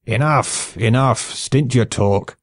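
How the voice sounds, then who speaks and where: A man voicing a gruff, grizzled old archer commander who barks orders in a storybook reading. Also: medium pitch, slow pace, dry recording, clean studio sound. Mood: gruff commanding. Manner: barking orders.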